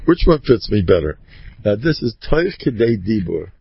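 Gravelly man telling a lively story. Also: normal speed, no room sound, dull audio. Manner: animated, acts out voices with big pitch jumps; mixes in Yiddish and Hebrew words. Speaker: storyteller giving a religious talk. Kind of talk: folksy storytelling talk.

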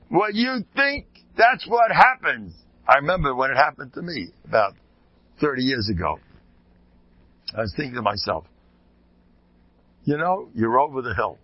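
A man's voice: mid-range voice, sing-song, moderate pace, pauses often, breathy edge, no room sound, lo-fi sound. An older man, a rebbe, giving an informal Torah talk, joking and sprinkling in Hebrew and Yiddish terms. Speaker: rebbe teaching a Torah class.

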